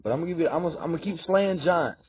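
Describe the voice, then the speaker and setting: A man rambling through a fervent, repetitive monologue, swinging between loud insistence and low muttering. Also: lively intonation, very fast, breathy edge, dry recording. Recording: tinny phone-like dry recording.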